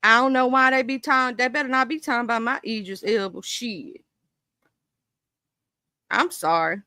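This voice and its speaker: A woman with a bright, sharp voice chats casually on a live stream, reading a list and then firing off indignant asides. Her delivery sits a bit high, and the sound is close and dry, with no room around it. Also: normal speed, dry recording. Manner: reads a list aloud, then breaks into indignant swearing asides to her viewers.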